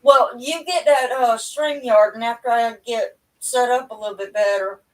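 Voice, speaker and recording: A middle-aged woman with a drawl, talking in a chatty, rambling, folksy way with a fairly high voice. She sits at home talking into a webcam, and her voice sounds a little far from the mic. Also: moderate pace. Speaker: livestream host. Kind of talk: casual chat to viewers. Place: at home indoors.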